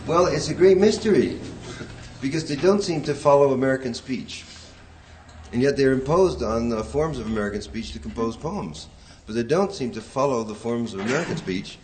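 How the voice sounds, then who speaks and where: A man's voice: mid-range voice, animated, moderate pace, darkish tone, slight background noise. A man lecturing a poetry class, rambling and hesitant, chanting rhythms aloud to show them. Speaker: poetry teacher.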